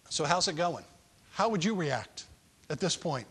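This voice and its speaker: A man's voice: a little high, sing-song, a little slow, fairly bright tone, husky. A man preaching a sermon as a pastor, walking through a Bible passage and acting out its people in a raised voice. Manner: acts out the people in the story in a raised voice.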